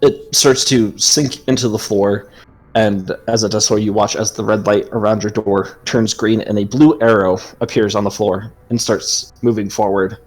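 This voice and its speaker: A man narrating a tabletop game as game master, describing scenes in a relaxed way with frequent ums. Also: on the low side, normal speed, soft background music.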